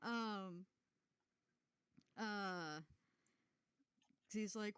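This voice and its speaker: A woman narrating as game master in a halting, giggly way with lots of fillers. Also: medium pitch, clear, resonant tone, dry recording.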